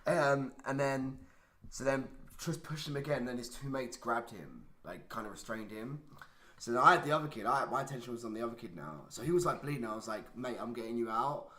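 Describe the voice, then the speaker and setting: A young man co-hosts a podcast, swearing his way through a casual story and leaning heavily on "like." His medium-pitched voice is sharp and a little fast, and the room echoes.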